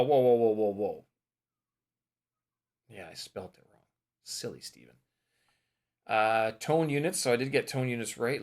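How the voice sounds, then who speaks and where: Low-voiced man muttering over study notes. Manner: muttering to himself, self-mocking, thinking aloud. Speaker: English teacher studying for a teaching diploma. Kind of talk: casual study vlog, reading course notes aloud.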